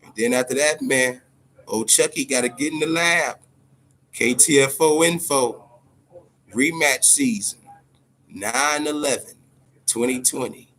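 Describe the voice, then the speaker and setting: A man's voice: mid-range voice, a little slow, long pauses, a little hiss or hum. A man hosting a boxing podcast, talking loosely and with lots of profanity, ending nearly every phrase with "man". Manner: loose, profane, animated, keeps tagging "man" on every line. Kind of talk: casual profane monologue.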